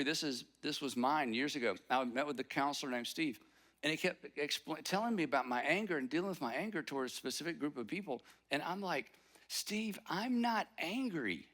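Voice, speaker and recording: Bright, higher-voiced man preaching. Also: animated, brisk. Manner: conversational preaching with acted-out inner dialogue. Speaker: pastor. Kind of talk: sermon.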